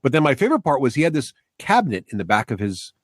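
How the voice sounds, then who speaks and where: A man hosting a podcast, telling an animated personal story and asking the guest questions in casual chat. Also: mid-range voice, fast, dry recording, clean studio sound. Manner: storytelling, animated asides, warm backchannels. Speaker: podcast host.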